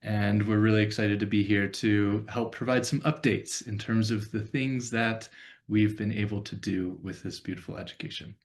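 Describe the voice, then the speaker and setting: A man's voice: lowish voice, fairly even intonation, normal speed. A man, a recent graduate, introducing himself on a video call in an upbeat way. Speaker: graduate, panelist. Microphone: computer mic on a video call.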